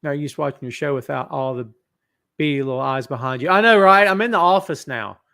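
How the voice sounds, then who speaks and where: Speaking at medium pitch, briskly, with a gravelly and slightly bright tone, a man runs a live-streamed wrestling talk show from his office. Using a podcast microphone, he kids around and reads out comments from viewers.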